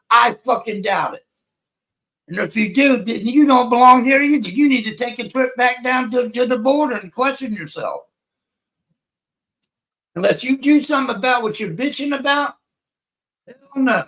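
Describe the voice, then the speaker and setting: Very high-pitched and fairly bright, this American man's voice comes through a low-quality recording. He's a livestream panelist in the middle of an angry rant, swearing constantly and sounding heated.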